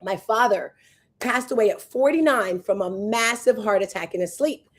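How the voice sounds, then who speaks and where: A woman in her fifties hosting a show as a fitness coach, chatting casually and telling animated stories to her viewers. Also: medium pitch, moderate pace. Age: 50s. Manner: animated storyteller, acts out voices and exclamations.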